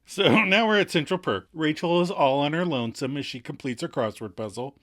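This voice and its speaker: A man's voice: fairly high pitch, brisk, fairly bright tone. A man co-hosting a casual TV recap podcast, joking and laughing as he retells the scenes. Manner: playful, jokey, laughs often. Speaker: podcast co-host.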